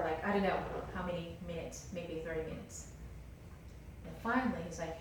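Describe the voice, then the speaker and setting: A woman teaches a Bible class and retells the story with lively, chatty energy. She is recorded from a distance in a very echoey lecture room, with a faint hiss beneath. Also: lowish voice, normal speed. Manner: animated, conversational, fillers of "like". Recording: roomy lecture hall, distant mic.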